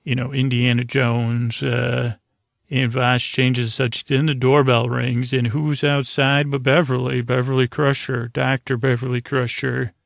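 Gravelly, even-toned male podcast host. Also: medium pitch, a little slow, no echo. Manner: rambling, with frequent ums and restarts; playful asides and jokes. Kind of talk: casual episode recap.

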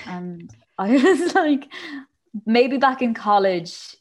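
A woman's voice: medium pitch, unhurried. A woman, talking thoughtfully and a little hesitantly in casual chat. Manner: thoughtful, hesitant, asks questions.

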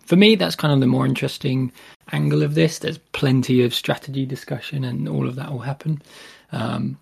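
A man's voice: a little high, gravelly, husky. A man hosting a podcast, introducing an episode in a rambling, self-deprecating way with many fillers. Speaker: podcast host.

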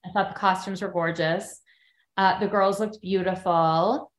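A woman with a fairly low, slightly slow voice co-hosts a podcast, recapping a reality show she appeared on. She tells stories animatedly in casual chat, acting out what others said, and the recording has a roomy echo.

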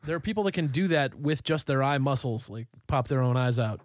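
A man's voice: mid-range voice, lively intonation, fairly quick, no echo, studio quality. A man co-hosting a podcast in casual chat, playful and teasing. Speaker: podcast co-host.

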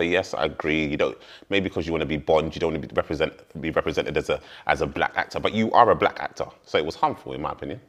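A man's voice: lowish voice, fairly bright tone. A man, a dinner guest, arguing his point emphatically in a casual discussion. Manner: emphatic, insistent.

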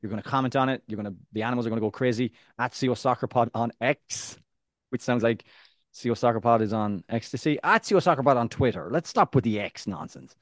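A man in his thirties co-hosts a sports podcast in a relaxed, rambling way. He jokes around and starts sentences over before landing them. His voice sits at an everyday pitch and is recorded dry and close, with no room sound. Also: fast talker, dry recording. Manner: joking, rambling with restarts. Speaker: podcast co-host. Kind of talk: casual podcast chat.

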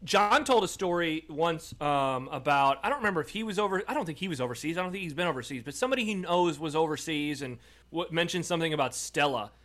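A man's voice: fairly high pitch, animated, fast talker, a bit bright. A man co-hosting a casual sports podcast, telling stories and reading listener comments in an easygoing way. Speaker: podcast co-host. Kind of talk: casual chat.

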